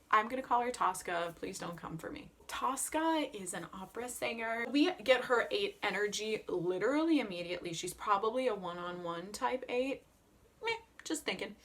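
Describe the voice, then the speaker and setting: A woman chatting casually as an Enneagram coach, animated and emphatic, with playful jokey asides. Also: mid-range voice. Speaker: Enneagram coach and opera vlogger. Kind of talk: casual vlog chat.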